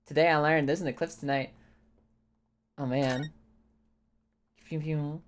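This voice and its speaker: A young woman streaming a game, chatting casually, excitable, swearing often and breaking into squealing laughs. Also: low voice, measured pace, slight background noise. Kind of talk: casual live-stream chat while playing a game.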